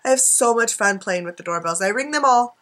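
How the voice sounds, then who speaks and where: Chatty high-voiced woman rambling to camera. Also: expressive, brisk, fairly bright tone. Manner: chatty, giggly, self-mocking asides. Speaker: art journaling vlogger. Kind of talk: rambling casual chat to camera. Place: home craft desk, indoors. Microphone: camera on desk.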